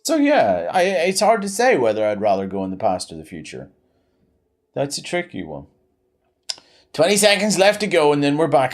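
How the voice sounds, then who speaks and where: A man's voice: wildly swooping pitch, moderate pace, pauses often, soft background music. A man in his thirties chatting on a live game stream, rambling with many fillers and restarts. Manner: pitch swings widely.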